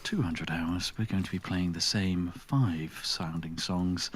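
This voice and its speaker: A man's voice: low voice, a little hiss or hum, pitched below the performer's own voice. A man putting on a plummy radio presenter. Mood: announcing. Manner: plummy, measured broadcast delivery. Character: pompous male radio presenter.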